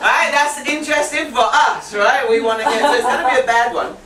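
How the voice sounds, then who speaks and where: A woman teaching an English writing class, playful and quick to laugh, often teasing herself. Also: high voice. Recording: echoey classroom, distant mic, faint hiss.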